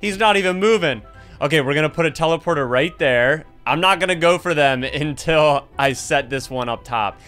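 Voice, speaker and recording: A young man giving playful gameplay commentary as a gaming channel host, teasing other players, laughing often and yelping when excited. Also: fairly high pitch, normal speed, clear, resonant tone. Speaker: gaming YouTuber. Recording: faint background game music.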